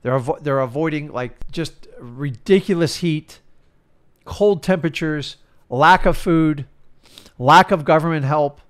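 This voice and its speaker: A man's voice: on the high side, a little slow, clear, resonant tone. A middle-aged man, a real estate coach, giving an emphatic motivational talk that often repeats itself. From United States. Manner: emphatic, preachy, repeats himself.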